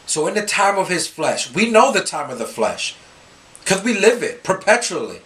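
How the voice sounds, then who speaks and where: A man's voice: high voice, moderate pace. A man giving a Scripture reflection for a youth ministry, telling stories animatedly and acting out the people he quotes. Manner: animated storytelling, quoting others in voices.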